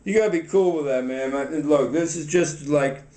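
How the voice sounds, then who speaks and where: A man's voice: a little high, moderate pace, dark tone, echoey room. A man hosting a comic puppet skit, talking in a laid-back, coaxing, slangy way. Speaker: home cook and puppet show host.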